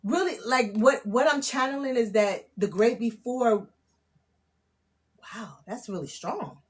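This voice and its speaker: A woman giving a live-streamed spiritual reading, excitable and casual, swearing, laughing at herself and often checking in with "okay?". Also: a little high, unhurried. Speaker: spiritual tarot reader. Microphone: phone or camera mic on a live stream.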